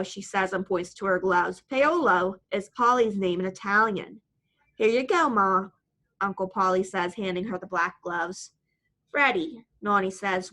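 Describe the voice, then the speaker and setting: Woman audiobook narrator, mid-pitched, plain matter-of-fact first-person read. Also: a bit bright.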